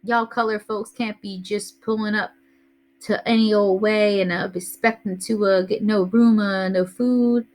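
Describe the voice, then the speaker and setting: A woman reading aloud, voicing a father who mocks a Southern man in a slow drawl broken by "uh" fillers. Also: medium pitch, fairly even intonation, a little mellow, natural voice. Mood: mock-menacing. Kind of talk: reading a novel aloud to a class.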